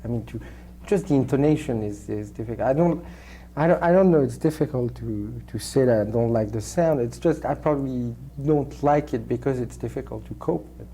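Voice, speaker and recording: A man with a French accent, a native French speaker raised in Switzerland, answering interview questions in a halting way with many restarts and fillers. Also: medium pitch, warm tone, a little hiss or hum. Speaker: actor, interview guest.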